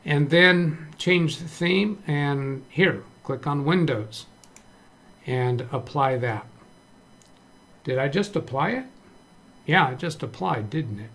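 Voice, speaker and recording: A man's voice: fairly high pitch, animated, slow pace, long pauses, fairly bright tone. A man hosting a casual live-stream computer tutorial, thinking aloud as he works, reading chat messages and often restarting his sentences. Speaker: live stream tech trainer. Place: home office with several monitors.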